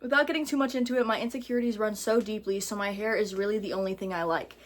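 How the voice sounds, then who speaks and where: A woman reading an online story aloud in casual commentary, chatty and expressive, breaking in with her own asides. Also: mid-range voice, fast talker. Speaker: content creator reading and reacting to online stories.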